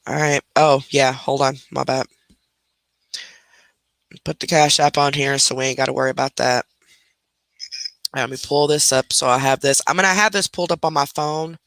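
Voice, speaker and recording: A woman's voice: extremely low pitch, fairly even intonation, normal speed, long pauses, fairly bright tone, no room sound. Blunt chatty woman livestreaming from home. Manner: chatty, blunt, talks to pets and chat. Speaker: livestream reaction host. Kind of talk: casual livestream chat.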